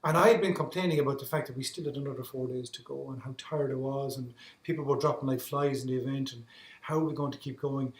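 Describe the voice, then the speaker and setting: A man's voice: mid-range voice, fairly even intonation, fast talker. An Irish man telling his story as a podcast guest, earnest, often repeating words as he restarts his sentences. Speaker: guest, endurance athlete. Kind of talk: reflective storytelling in conversation. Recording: roomy echo.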